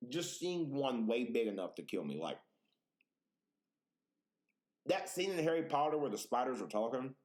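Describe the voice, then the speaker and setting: A man's voice: mid-range voice, moderate pace, pauses often. A man hosting a podcast, telling exaggerated, profane stories in casual chat. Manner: animated, profane, exaggerated storytelling. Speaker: podcast host.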